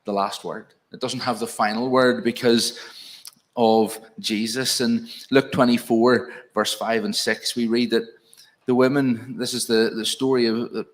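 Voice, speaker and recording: A man's voice: medium pitch, level tone, measured pace. A man with a Northern Irish accent preaching an evening sermon in a church, earnest and pastoral, speaking directly to the congregation.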